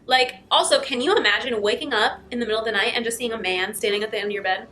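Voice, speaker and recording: A woman muses aloud in an amused, chatty way as she reacts to a spooky story. Her voice is bright and a touch high, with faint music underneath. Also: rapid-fire. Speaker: channel host reacting to clips. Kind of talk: casual reaction commentary.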